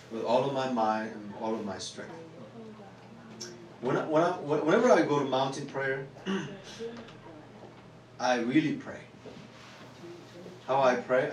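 Earnest Korean-accented pastor in a roomy hall. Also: male voice, medium pitch. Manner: earnest, repetitive, builds to loud exclamations. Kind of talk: sermon. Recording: roomy church hall, distant mic.

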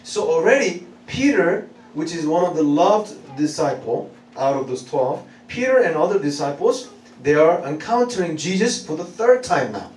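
A man in his thirties preaching a lively sermon, animated and laughing, repeating phrases and calling out to the congregation. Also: fairly high pitch, moderate pace. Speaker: pastor. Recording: echoey room, mic at a distance, faint noise.

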